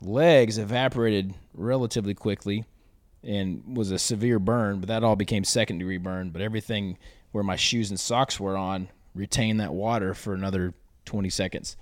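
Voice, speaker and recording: Animated man telling a story. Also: lowish voice, normal speed, no room sound. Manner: animated storyteller, acts out quotes loudly. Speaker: podcast guest, athlete. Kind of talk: casual storytelling in interview.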